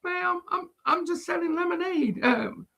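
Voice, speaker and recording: A man voicing a polite, timid twelve-year-old girl who answers softly and hesitantly. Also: extremely high pitch, expressive, a little slow, gravelly, voice pushed up, full character voice.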